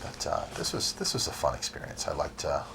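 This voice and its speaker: A man's voice: a bass voice, wildly swooping pitch, fairly quick, creaky. A man hosting a cooking show, chatting casually and rambling easily, with frequent laughs, in a community TV studio. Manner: easygoing, rambling, laughs often. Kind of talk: casual chat over cooking footage. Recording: noisy community TV studio audio.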